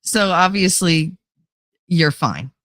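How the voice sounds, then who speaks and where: Woman with a new jersey accent, livestream host, casual chat, lively swooping pitch, dry close mic. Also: slow pace, no room sound. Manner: animated, laughing often, nasal at times.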